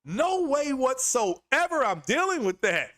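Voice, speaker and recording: Man streaming, high voice, bright tone, animated and laughing, casual riffing. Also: measured pace. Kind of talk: casual live-stream commentary.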